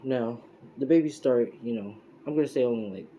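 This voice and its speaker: A man telling an improvised fan story out loud, rambling with lots of fillers and restarts. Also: mid-range voice, brisk, slight background noise, rough recording.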